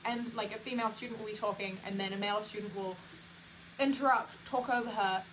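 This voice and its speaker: A young woman co-hosting a casual chat podcast, telling stories in an animated way with quick restarts. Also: mid-range voice, noisy background. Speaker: podcast co-host.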